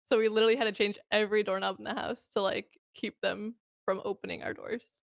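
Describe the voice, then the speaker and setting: A relaxed woman with a mid-pitched voice talks as an interview guest, filling her speech with "like" and "you know". Her voice sounds dry and close. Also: fairly quick, creaky, dry recording. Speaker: guest streamer. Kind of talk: casual interview chat.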